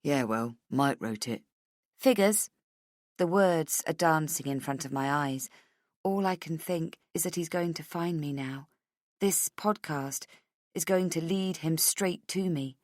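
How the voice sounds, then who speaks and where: A woman narrating a first-person thriller audiobook in an expressive, tense storytelling manner. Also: deep voice, measured pace, dry recording, clean studio sound.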